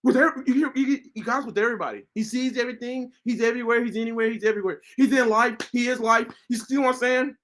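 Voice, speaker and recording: A man giving informal devotional preaching from scripture, firing off rhetorical questions with bursts of shouting. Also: very high-pitched, fast, hardly any pauses. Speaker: online Bible teacher.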